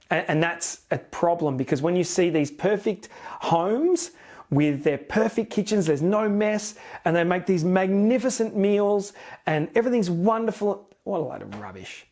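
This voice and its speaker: Brief: male fitness coach, plain-spoken and emphatic, a touch high-pitched. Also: darkish tone. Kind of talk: casual talk to camera.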